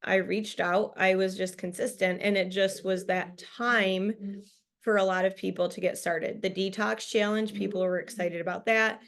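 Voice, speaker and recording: A woman's voice: mid-range voice, flat delivery, normal speed. A woman leading a business training over a video call, giving a casual, upbeat motivational talk full of fillers and laughs. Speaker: team leader presenting a business training call.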